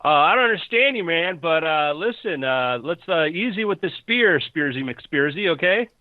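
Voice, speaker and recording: A man's voice: a little high, animated, moderate pace, no room sound, phone-quality sound, voice pushed up, close to an everyday voice. A man voicing a laid-back young male jungle loner with easygoing, placating bro talk.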